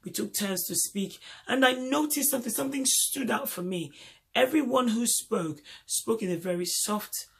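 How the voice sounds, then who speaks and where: A man's voice: high-pitched, normal speed, vocal fry, fairly bright tone, husky. A man from Nigeria with a Nigerian accent, talking in an emphatic casual monologue and repeating points for stress. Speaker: vlogger host.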